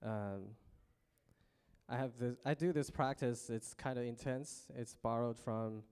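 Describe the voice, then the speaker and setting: A man sharing an embodiment practice in a circle, halting and thoughtful with many fillers. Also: mid-range voice, fairly even intonation, a little mellow, clean tone. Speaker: guest practitioner.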